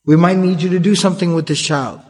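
A man giving a conversational religious lecture in a casual, chatty way, breaking into quick Arabic recitation, recorded in a reverberant hall. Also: high-pitched, fairly even intonation. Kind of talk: conversational Islamic storytelling lecture.

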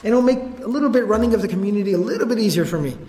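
A man voicing a patient male leader who reasons calmly and persuasively with an old friend. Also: high voice, very fast. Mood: conciliatory. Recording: echoey hall reverb.

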